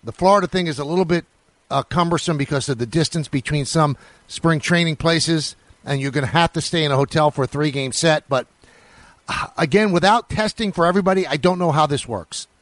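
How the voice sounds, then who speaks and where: Thoughtful co-host, slightly high voice. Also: male voice, fairly quick, no echo. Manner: thoughtful, restarts, weighing ideas. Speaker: sports radio co-host. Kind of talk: casual sports radio discussion.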